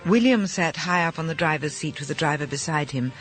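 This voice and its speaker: A man narrating an audiobook of short stories with a lively, expressive reading. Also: a little high, brisk, faint music behind. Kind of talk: scripted narration.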